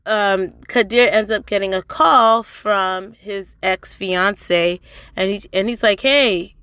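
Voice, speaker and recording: A young woman talks through a TV drama episode in a relaxed, chatty recap. Her voice is bright and forward, and the sound is dry and close. She throws in sassy asides to the characters. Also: mid-range voice, slow pace, smooth, dry recording. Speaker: TV drama reviewer.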